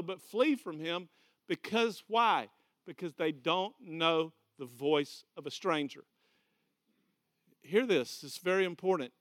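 A man's voice: high voice, a bit bright. A man with a Southern American accent preaching a folksy, conversational sermon in a church hall. He repeats key phrases and directs volunteers. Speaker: pastor. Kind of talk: folksy sermon with a live demonstration.

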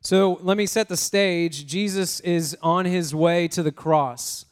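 A man preaching a lively sermon, prompting the congregation to repeat words and talking in a casual, self-interrupting way. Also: sits high, takes it slowly, smooth. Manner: energetic, call-and-response with congregation. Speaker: pastor.

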